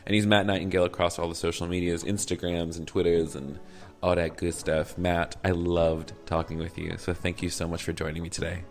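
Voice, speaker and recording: Deep-voiced campy Southern man. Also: little pitch movement, brisk, soft background music. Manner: playful, campy asides. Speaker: podcast host. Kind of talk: casual podcast chat and outro.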